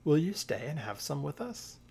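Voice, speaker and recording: A man's voice: a little high, sing-song, normal speed, creaky, a little mellow, slightly rough, full character voice. Little Bear, an eager cub read by a man. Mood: cheerful. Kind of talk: storybook read-aloud.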